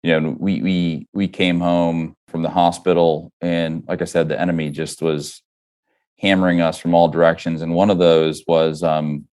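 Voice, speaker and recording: A middle-aged man, a company founder, telling a personal faith story as a podcast guest in an earnest, halting way with many restarts. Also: low-pitched, level tone, a little mellow, clean tone. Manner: earnest, halting, with frequent restarts and "you know".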